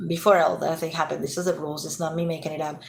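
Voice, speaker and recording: A woman's voice: low-pitched, flat delivery, rapid-fire, gravelly. A tired woman ranting casually to her viewers in an agitated, rambling way, swearing freely. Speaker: vlogger. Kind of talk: casual rant to camera.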